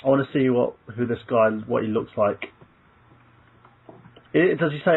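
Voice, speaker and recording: Male podcast host, husky and gravelly, heard over a phone-like line. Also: medium pitch, moderate pace. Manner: chatty, browses a wiki while talking. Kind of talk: casual group chat. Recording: phone-like call audio.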